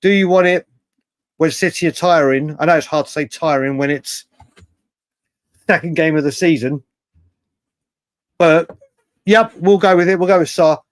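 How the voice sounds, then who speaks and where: With a slightly high voice at a moderate pace, pausing often and with no echo, a man hosts a live fan stream. Reading through comments, he's animated and swears occasionally, circling back over the same points repeatedly.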